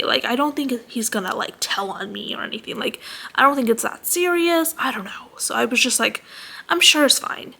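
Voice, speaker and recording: A young woman tells a rambling, nervous story about her day, fillers everywhere. Her voice sits a bit high and sounds bright, with a gravelly fry under it. She talks at home at night. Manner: anxious, rambling, full of "like". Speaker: vlogger. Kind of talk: casual storytime rant. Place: home at night, parents asleep nearby.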